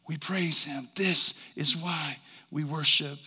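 A man preaching a sermon as a pastor, swinging from quiet talk to shouts and asking the congregation questions. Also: fairly high pitch, fairly even intonation, slow, slightly rough, long reverb tail. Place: church service.

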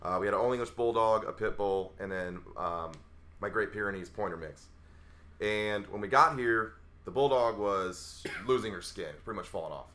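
A man's voice: fairly low pitch, normal speed, bright, forceful tone. A man from the Chicago area, guesting on a podcast and telling a story in casual chat. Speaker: guest co-host.

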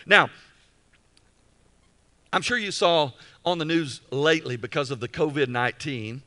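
A male pastor preaching a sermon emphatically, repeating key phrases and slowing down for weight. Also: on the high side, sharp tone.

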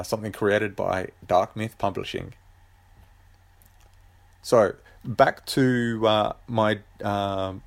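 A man who writes books, talking casually on his own show, hesitant and full of ums and uhs. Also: lowish voice. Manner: relaxed, rambling. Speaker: author and podcast host. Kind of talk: casual solo chat.

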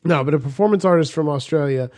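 A man's voice: a little high, fast, a little mellow. A man co-hosting a crude, casual podcast, reading an article aloud and joking around. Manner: jokey, drops into silly put-on voices. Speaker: podcast co-host.

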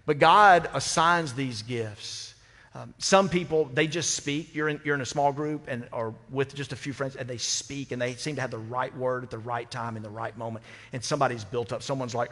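A man's voice: medium pitch, a little fast, fairly bright tone. A man pastor giving a sermon in a conversational, humorous way, with rhetorical questions to the congregation, on a microphone in a church. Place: church sanctuary. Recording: long hall reverb.

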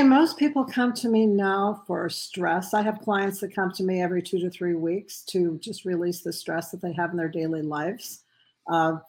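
Lady guest on an interview, lowish voice, lots of ums and uhs. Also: darkish tone, rough recording. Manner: hesitant, many fillers. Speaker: guest, medical intuitive. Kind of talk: interview answers.

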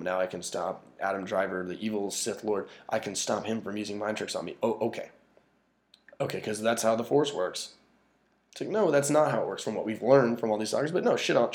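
Gravelly man ranting about a film. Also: on the low side, darkish tone. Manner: profane, exasperated, restarts often. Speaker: movie reviewer. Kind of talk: casual film rant.

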